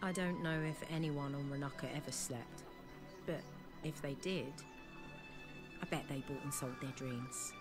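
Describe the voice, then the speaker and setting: A woman voicing a game protagonist, giving wry, measured scripted narration. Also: deep voice, over music.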